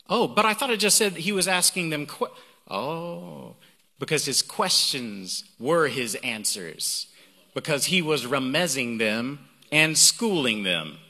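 A man preaching a sermon as a guest preacher, animated and reading scripture aloud with emphasis. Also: a little high. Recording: hall reverb.

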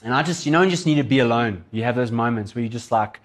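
A man's voice: medium pitch, fast, hardly any pauses. A man preaching, telling stories animatedly and acting out the people in them. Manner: animated, acts out voices in his stories. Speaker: pastor. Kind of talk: storytelling sermon.

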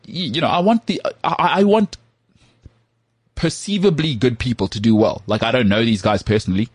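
A man co-hosting a podcast, talking football in an animated, joking way. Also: mid-range voice, husky, no room sound. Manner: animated, jokey, does quick impressions of others. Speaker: podcast co-host. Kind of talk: casual sports chat.

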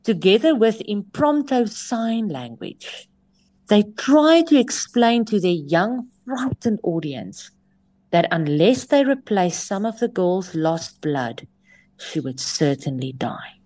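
A woman's voice: mid-range voice, big pitch swings, takes it slowly, darkish tone. A woman, telling a story in a sermon and at times dropping her voice to a near whisper. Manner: switches between English and Afrikaans phrases. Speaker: preacher.

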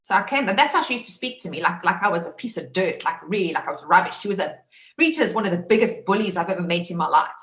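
A woman from South Africa shares survivor testimony quickly, with a fairly low, fairly bright voice and lively intonation. She's emphatic, restarts a lot and repeats herself, and the recording carries a roomy echo.

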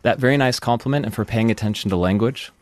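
A man co-hosting a podcast in casual chat, quick and self-interrupting as he translates on the fly. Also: medium pitch, no room sound. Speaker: podcast co-host.

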